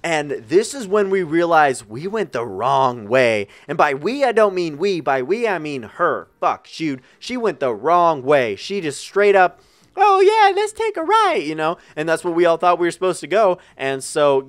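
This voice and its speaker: Young male storyteller, casual and profane, slightly high voice, lots of asides to the audience. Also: moderate pace, hardly any pauses. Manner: animated, profane, rambling with asides to viewers. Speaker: gaming channel storyteller. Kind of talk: casual storytime over gameplay.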